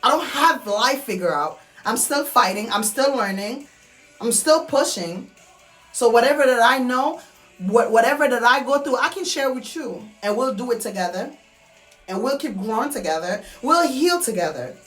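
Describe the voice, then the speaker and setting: Woman, heartfelt personal monologue, somewhat high voice, distant mic, faint music underneath. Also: lively intonation, normal speed, a bit bright. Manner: earnest, repetitive, heartfelt. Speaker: vlogger.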